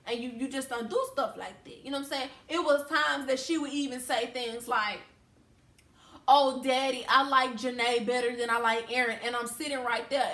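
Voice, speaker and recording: Young woman from louisiana going off in a storytime, high-pitched, echoey room. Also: a bit bright. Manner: blunt, heated, emphatic. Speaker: vlogger. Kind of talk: storytime rant to camera.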